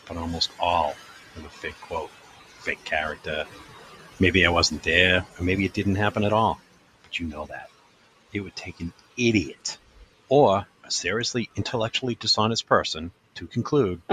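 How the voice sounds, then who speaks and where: A man's voice: sits low, moderate pace, fairly bright tone, slight background noise. An actor playing an unrepentant old male journalist who fakes his stories, speaking in a smug, dismissive drawl in a comedy audio drama. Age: older.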